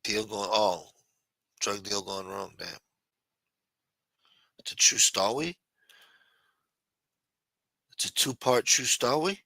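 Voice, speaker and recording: Man, livestream host, casual profane chat, bright forceful tone, dry sound, close mic. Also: on the low side, animated, takes it slowly, long pauses, no echo. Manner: loose, profane, reads and answers chat.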